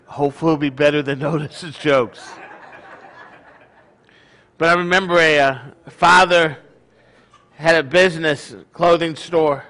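A man's voice: fairly high pitch, fairly even intonation, measured pace, long pauses, sharp tone. A middle-aged man leading his congregation with a folksy, joking sermon, often poking fun at himself. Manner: folksy, joking, self-deprecating. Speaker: congregation leader.

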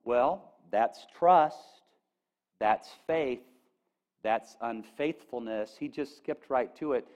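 A male pastor preaching a sermon, animated and folksy, with asides to the congregation, and rising to near-shouts on quoted lines. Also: mid-range voice, slow, muffled recording. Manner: folksy asides, addresses audience with "okay?".

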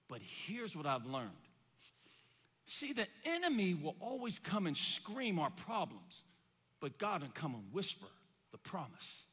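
A man preaching a sermon in a church, acting out voices and dropping to a hush for effect. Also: high-pitched, husky, long reverb tail. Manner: animated preaching, acts out voices, rises and drops to a hush. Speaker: pastor. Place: church sanctuary.

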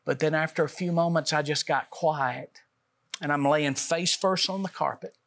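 A man's voice: a little high, steady tone, moderate pace, vocal fry, a bit bright. A man, a guest author on a talk show, gives an earnest personal testimony and acts out the dialogue he quotes.

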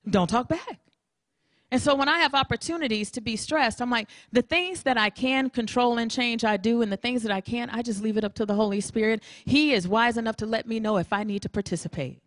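A woman's voice: fairly high pitch, brisk, no echo. Woman preaching with humor, dry sound. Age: adult with a grown daughter. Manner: animated, humorous, acts out dialogues. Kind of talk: sermon.

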